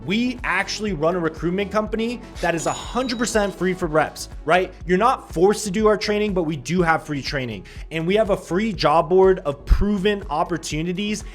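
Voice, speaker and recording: A man hosting a sales-career video, pitching directly to viewers in an upbeat, salesy way with sarcastic asides. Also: normal speed, few pauses, soft background music. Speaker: sales recruiter and channel host.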